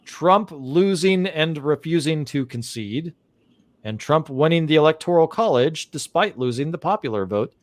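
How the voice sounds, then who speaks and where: A man's voice: medium pitch, no echo. A male host reading an article aloud on a live chat show and reacting to it with rising indignation, rambling and restarting as he thinks aloud. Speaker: podcast host.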